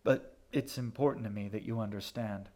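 A man voicing a cold, calculating male captor who speaks quietly and precisely. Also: lowish voice, steady tone, lightly acted. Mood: quiet menace. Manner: quiet, measured, clipped.

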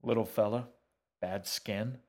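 A shaggy, gruff man with a wry, matter-of-fact way of talking, as a male narrator plays him. His voice is low and slow, barely apart from the reader's own. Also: fairly even intonation, mellow.

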